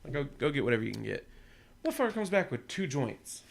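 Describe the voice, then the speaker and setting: A man's voice: medium pitch, very animated, fast, vocal fry. A young man casually telling a long, profane story on a podcast, acting out what people said. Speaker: podcast co-host.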